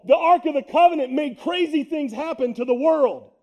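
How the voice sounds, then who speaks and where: High-voiced joking pastor preaching. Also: male voice, moderate pace, hardly any pauses, highs cut off. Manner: energetic, joking, rising to shouts on key points. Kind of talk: sermon. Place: church sanctuary.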